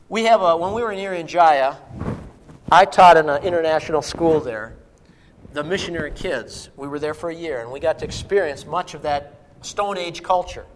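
Middle-aged male pastor, high-pitched, emphatic sermon delivery with hushed drops; long reverb of a church hall. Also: normal speed, a little hiss or hum.

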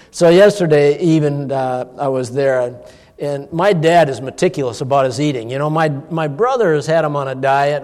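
A middle-aged man, a pastor, giving an informal sermon, telling a personal story in a folksy, animated way with chuckles. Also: mid-range voice. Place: church hall. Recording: long church-hall reverb.

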